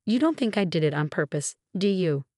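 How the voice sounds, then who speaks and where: A woman voicing a defensive, scheming middle-aged mother-in-law, read in an even, measured way. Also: lowish voice, dry recording, studio quality, close to an everyday voice.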